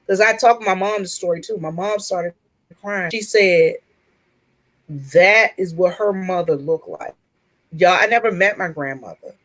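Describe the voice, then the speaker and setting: A woman in a casual group chat telling a personal story in an earnest, open way, pausing and restarting as she goes. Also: on the low side, low-quality recording. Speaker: chat room participant.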